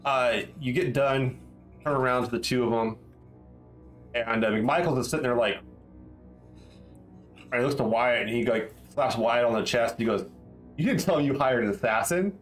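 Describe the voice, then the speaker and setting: A man's voice: medium pitch, steady tone, moderate pace, pauses often, soft background music. A man narrating as game master in a rambling way, with lots of restarts. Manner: rambling, many fillers and restarts.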